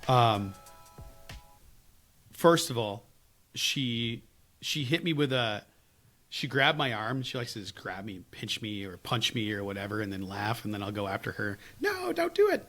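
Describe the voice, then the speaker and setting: A man co-hosting a podcast, telling stories in casual chat with lots of laughs and lively swings. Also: lowish voice, unhurried, long pauses, soft background music. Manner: animated, laughing storyteller. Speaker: podcast co-host.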